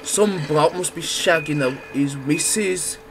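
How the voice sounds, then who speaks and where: A man giving loud, crude, excitable gameplay commentary. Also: a little high, measured pace, a crowd in the background. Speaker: gamer.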